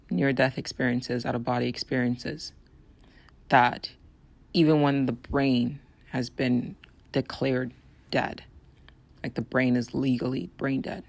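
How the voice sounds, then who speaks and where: A woman hosting a solo podcast, talking in an earnest, persuasive way with a raspy, hoarse voice. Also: extremely low pitch. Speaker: podcast host.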